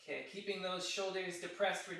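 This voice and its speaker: This fitness instructor has a high voice with vocal fry and talks fairly quickly. He guides the class through reps, counting and giving steady cues, captured from a distance in a room full of echo.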